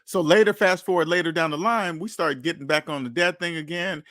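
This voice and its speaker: A man's voice: a little high, a little fast, a bit bright, no room sound, studio quality. A man hosting a live money chat, talking casually and animatedly, repeating himself and acting out the people he quotes. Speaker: channel host answering chat.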